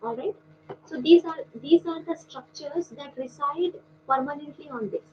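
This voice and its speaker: A woman lecturer with a high voice teaches an online class, walking through each point with pauses and fillers. Her voice comes through a video call that sounds dull and lo-fi, with a faint hiss underneath. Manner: explanatory, with frequent pauses and fillers.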